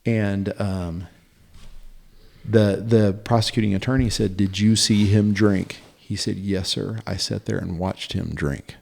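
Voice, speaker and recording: A man telling a long personal story in casual podcast chat, halting and animated, with frequent fillers and restarts. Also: lowish voice, vocal fry. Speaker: podcast guest.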